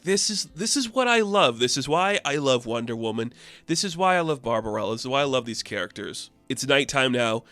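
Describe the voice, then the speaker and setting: A man's voice: mid-range voice, fairly bright tone, no echo. An enthusiastic man rambles through a casual comic book recap in a mid-range voice, leaning on fillers as he goes. The sound is dry and close, with faint music underneath.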